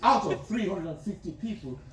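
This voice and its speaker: Man doing a pompous dictator president, crude and boastful, high voice, lively swoops, echoey theater, distant mic, loud crowd. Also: a little fast. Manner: boastful, crude, teasing the audience. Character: pompous self-styled African dictator president, male, brash. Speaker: stand-up comedian. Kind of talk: live stand-up in character. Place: large theater, live audience.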